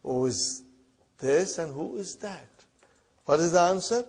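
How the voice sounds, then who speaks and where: A man teaching a classroom Arabic lesson in English, repeating words slowly and checking in with the students as he goes. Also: on the high side, expressive, darkish tone, husky. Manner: repeats words slowly, often asks "huh?" and "brother".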